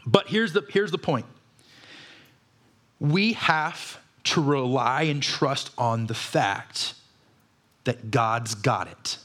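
Speaking in a fairly high voice, a male pastor delivers a sermon to his church. He keeps it lively and conversational, firing off a string of rhetorical questions at his listeners.

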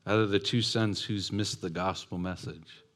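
A man's voice: deep voice, fairly even intonation, normal speed. A man preaching a sermon who acts out the voices and asks his congregation questions. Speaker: pastor.

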